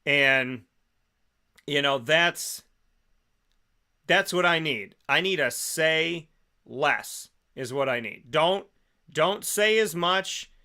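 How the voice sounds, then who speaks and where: A man hosting a radio show, telling a comic story in a lively way and acting out the people in it. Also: on the high side, slow, long pauses, clean tone. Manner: animated, acts out quotes in other voices. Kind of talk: comedic storytelling monologue.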